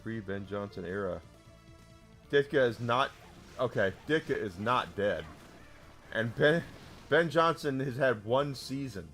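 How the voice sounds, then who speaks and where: A man's voice: mid-range voice, animated, a little slow, long pauses, a bit bright. A man, chatting with his viewers while streaming a game, telling stories in a rambling way with lots of restarts. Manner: rambling storyteller, lots of restarts, swearing it's true. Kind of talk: casual chat while gaming, talking to chat. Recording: faint game music underneath.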